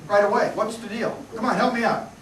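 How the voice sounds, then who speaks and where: A man's voice: high voice, steady tone, fairly quick. A man performing comedy magic on stage, teasing a volunteer and joking with the audience. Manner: joking, teasing, self-deprecating. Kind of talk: live stage magic patter with audience banter. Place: large hall with live audience. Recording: echoey hall recorded from far off, loud noise.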